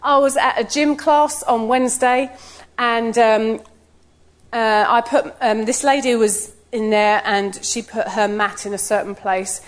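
Middle-aged woman, fairly high voice, storytelling sermon, lively and chatty. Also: measured pace. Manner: lively storytelling, acts out quotes with laughs. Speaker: church speaker. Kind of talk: personal sermon talk.

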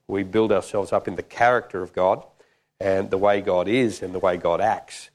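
A male preacher delivers a sermon in a loose, joking, conversational way. His voice sits fairly low, and he pauses with frequent fillers between his points. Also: steady tone.

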